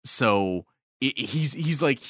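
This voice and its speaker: A man in casual podcast chat about an anime, swearing freely and excitably retelling scenes. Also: medium pitch, slow pace, dry recording, clean studio sound. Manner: profane, excitable, animated retelling.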